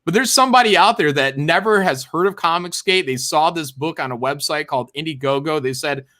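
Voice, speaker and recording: Brief: blunt, profane male co-host, bright, slightly high voice. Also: a little fast. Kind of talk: casual livestream chat.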